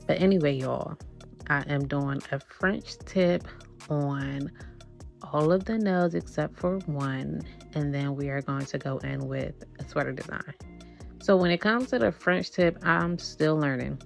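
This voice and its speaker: Woman, 30s, low gravelly voice, slightly winded, chatty tutorial host, faint music under. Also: measured pace. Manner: chatty, addresses viewers as y'all. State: slightly out of breath. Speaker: nail art vlogger. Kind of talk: casual tutorial chat.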